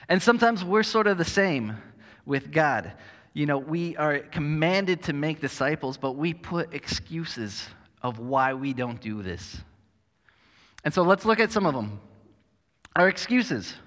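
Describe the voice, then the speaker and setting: A man's voice: fairly high pitch, very animated, a little slow, fairly bright tone, big-room sound. A man preaching a sermon as pastor, conversational and self-deprecating with touches of humor.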